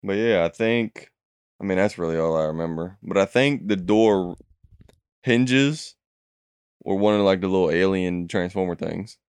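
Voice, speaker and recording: A man's voice: deep voice, normal speed, clear, resonant tone, no room sound. A young man telling a long story in casual chat, swearing freely and acting out what people said. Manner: profane, animated storytelling with acted quotes. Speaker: storyteller recounting a dream.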